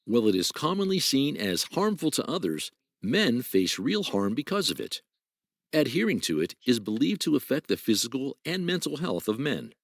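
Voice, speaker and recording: Man, scripted explainer narration, formal, measured, gravelly, lively pitch, dry. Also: no room sound. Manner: formal, measured, textbook phrasing. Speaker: narrator of a clipped explainer video.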